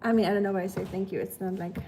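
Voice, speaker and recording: In this clip the young German woman racing through her casual livestream chat has a warm, medium-pitched voice with fairly even intonation. A slight hiss or hum sits under the audio as she reads comments, rambles with many fillers and sounds tired.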